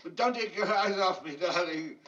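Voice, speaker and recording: A man's voice: high-pitched, moderate pace. A man directing actors on a film set, patient and coaxing, repeating his instructions and calling the child darling. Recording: hiss-laden muffled archival recording from a distance.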